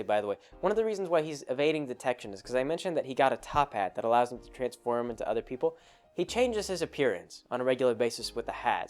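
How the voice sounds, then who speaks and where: A man hosts a podcast and recounts an old tabletop game in a loose, anecdotal way. His voice sits at a middle pitch, and he keeps cutting himself off and laughing. Faint music plays underneath. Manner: rambling, self-interrupting, laughs often. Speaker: podcast host. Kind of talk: casual anecdotal storytelling.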